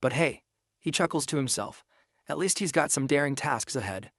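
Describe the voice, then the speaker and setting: A man narrating a comic recap in a brisk, casual storytelling manner with slangy asides. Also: on the high side, lively intonation, a bit bright, no echo, studio quality. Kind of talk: scripted narration.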